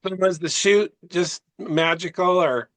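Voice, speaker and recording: A man's voice: sits high, steady tone, unhurried, a bit bright, no room sound. A man hosting an interview and asking his guest questions. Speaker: podcast host, interviewer.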